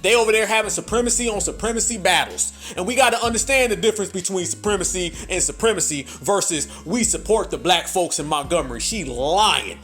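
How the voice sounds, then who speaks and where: A man's voice: high voice, lively intonation, brisk, few pauses, fairly bright tone, faint music behind. A man hosting political commentary, emphatic and profane, repeating points for emphasis. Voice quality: emphatic, repetitive, profane, preacher-like. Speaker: host.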